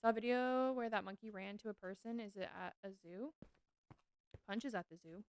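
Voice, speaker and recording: A woman's voice: mid-range voice, a little fast, a little mellow, slight background noise. A woman streaming a game, chatting casually with her viewers and gushing over cute animals.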